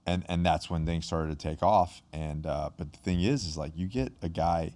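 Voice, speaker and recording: A man's voice: sits low, normal speed, darkish tone. A man in his forties hosting a podcast, chatting casually and enthusiastically with lots of fillers. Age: 40s. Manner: enthusiastic, filler-heavy, many likes. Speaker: podcast host. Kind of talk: casual conversation.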